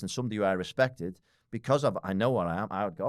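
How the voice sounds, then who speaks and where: A blunt British man in his forties talks quickly in a very low voice, swearing and laughing as he goes. He is a podcast guest in casual conversation. The sound is dry and close to the mic. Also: no room sound. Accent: British English. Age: 40s.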